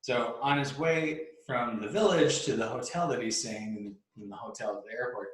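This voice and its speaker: Recorded on a laptop mic in an echoey room, a podcast host spins a long, casual story, rambling with restarts, laughing and swearing. His voice is medium-pitched at a moderate pace.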